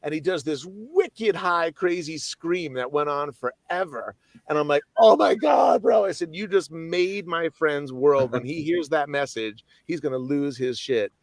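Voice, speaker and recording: Animated man telling a story, dry sound. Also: a little high, unhurried, no echo. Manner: animated storyteller, swears casually. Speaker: guest musician. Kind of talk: casual storytelling chat.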